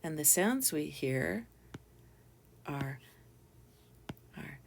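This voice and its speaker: A woman's voice: lowish voice, lively intonation, slow pace, vocal fry, slight background noise. A woman teacher giving a patient phonics lesson to young children, sounding out letters and syllables one by one.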